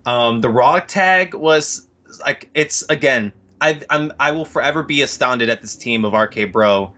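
A man's voice: medium pitch, measured pace, pushed and bright. A man appearing as a podcast guest, chatting with enthusiasm. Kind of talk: casual podcast chat.

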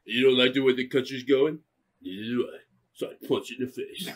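A man's voice: mid-range voice, fairly quick, husky, voice pushed down, natural voice. A man doing an impression of an aging action star, mumbling and tough. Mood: gruff.

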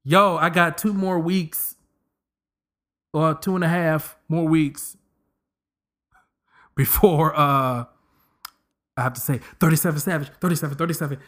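A man's voice: on the high side, unhurried, long pauses. A man in his thirties hosting a podcast, giving a comedic casual monologue and slipping into voices as he jokes. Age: 30s. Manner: animated, joking, slips into voices. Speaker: podcast host.

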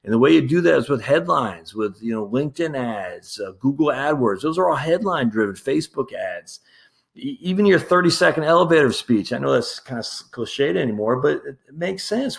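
A man's voice: mid-range voice, animated, brisk, gravelly. A man hosting his own podcast, talking casually and candidly with lots of fillers and restarts, chuckling now and then and calling his listeners his friends. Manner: laughs easily while talking. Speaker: podcast host. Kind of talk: casual solo commentary.

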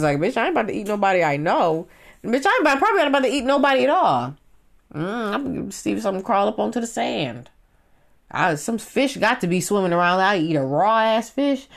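A woman in her thirties ranting casually and profanely, swinging from loud outbursts to muttered asides. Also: fairly low pitch, vocal fry. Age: 30s. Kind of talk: casual rant to camera.

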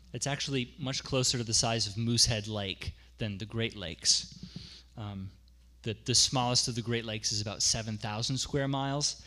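A man's voice: on the low side, bright, forceful tone. A man preaching a sermon as pastor, conversational, explaining with asides and repeating key phrases for emphasis.

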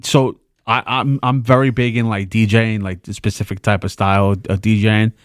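Young new york dude, podcast cohost, animated storyteller, dry close mic. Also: male voice, on the low side, moderate pace, no room sound. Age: young adult. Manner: animated storyteller, acts out quoted voices. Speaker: podcast co-host. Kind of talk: casual chat.

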